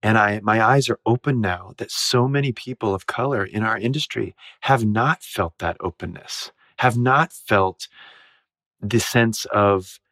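Animated, giggly male storyteller. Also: on the low side, measured pace, no room sound, studio quality. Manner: animated, giggly storyteller who acts out quotes. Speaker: musical theatre actor as guest. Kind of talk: casual anecdote telling.

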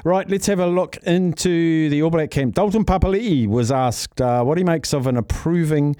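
Male sports radio host, casual and chatty, mellow voice. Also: on the high side, normal speed, clean tone, no echo, studio quality. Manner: chatty, loose, reads out listener texts.

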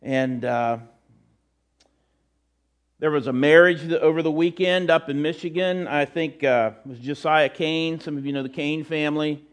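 A middle-aged pastor preaches in church, telling folksy, meandering stories with many fillers and restarts. His voice is on the high side, at a moderate pace.

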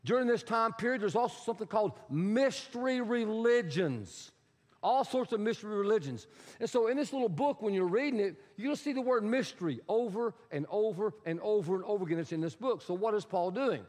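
A man's voice: high-pitched, lively intonation, brisk, a little mellow. A man preaching a sermon as pastor, teaching emphatically and repeating key words, with prompts to the congregation. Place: church sanctuary. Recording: long hall reverb.

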